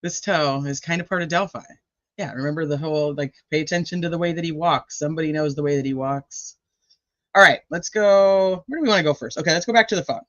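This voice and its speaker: Woman, livestream host, teasing, profane, bright voice, dry lo-fi sound. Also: low voice, fast talker, dry recording. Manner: joking, teasing and profane, laughs often. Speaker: true crime livestream host. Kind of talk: casual livestream chat, reading viewer comments.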